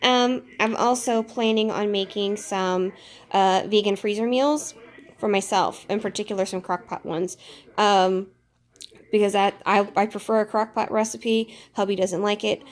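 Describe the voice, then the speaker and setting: A woman's voice: mid-range voice, steady tone, measured pace. A woman in her thirties chatting casually through a haul vlog at home, slightly out of breath from a chest cough, rambling with frequent fillers and laughs. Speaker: vlogger.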